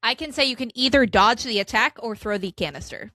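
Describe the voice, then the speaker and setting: A woman's voice: fairly high pitch, a little fast, bright, forceful tone, no room sound, clean studio sound. A woman game master who narrates the action loosely, with lots of "like" and "um" and frequent laughing. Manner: giggly, loose, peppered with likes and ums. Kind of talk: running a tabletop game, casual.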